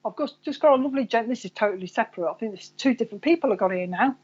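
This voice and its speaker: A woman's voice: fairly high pitch, lively intonation, very fast, a little mellow, breathy edge, muffled recording. A woman psychic medium giving live readings to viewers, chatty and rambling, calling people by name.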